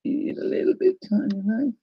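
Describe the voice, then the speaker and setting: A woman's voice: a little high, very animated, normal speed, breathy edge, no room sound, dull audio. A woman hosting a casual live crafting unboxing, gushing and tearful as she talks to viewers. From New Zealand. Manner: gushing, emotional, exclaiming. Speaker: crafting livestream host.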